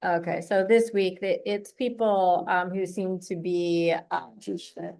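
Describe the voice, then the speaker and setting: A woman's voice: on the low side, little pitch movement, unhurried, darkish tone. A woman hosting an interview, engaged and asking pointed questions. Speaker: host. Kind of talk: conversational interview.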